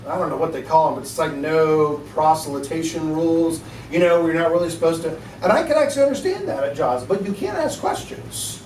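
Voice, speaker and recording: Chatty high-voiced man telling a story. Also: a little mellow, slight background noise. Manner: chatty, laughing storyteller, acts out dialogue. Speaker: apologetics teacher. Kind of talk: casual classroom talk with anecdotes. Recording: echoey room, mic at a distance.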